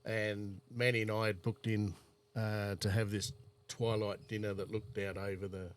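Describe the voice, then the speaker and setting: A man's voice: lowish voice, little pitch movement, normal speed, slight background noise. A man with an Australian accent, casually rambling through travel anecdotes on a chat podcast. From South Australia. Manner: rambling anecdotal storyteller, laid-back.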